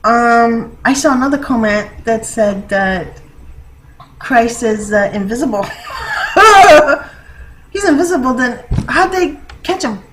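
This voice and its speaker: Woman vlogger, high voice, rambling and chatty, laughs a lot. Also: animated, a little slow, a little hiss or hum, rough recording. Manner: laughs often, rambling with many fillers. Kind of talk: casual rambling monologue.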